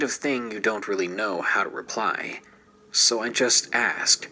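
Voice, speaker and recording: A man's voice: lowish voice, a little slow, pushed and bright, a little hiss or hum, low-quality recording. A man narrating a true scary story in a scripted, dramatic way and dropping into whispers at tense moments.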